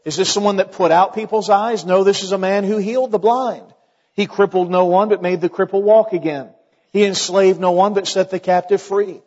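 A man preaching a sermon as pastor, building to dramatic rises and dropping to a hush when he quotes the scripture. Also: steady tone, normal speed, long reverb tail, dull audio. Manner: preaching with dramatic rises and hushed, low-voiced quotations.

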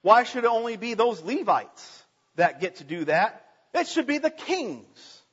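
A man's voice: extremely high pitch, sing-song, a little slow, fairly bright tone, slightly rough, long reverb tail, heavily acted. A man voicing a proud, indignant male king in a sermon retelling, talking defiantly and boastfully. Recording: dull lo-fi recording.

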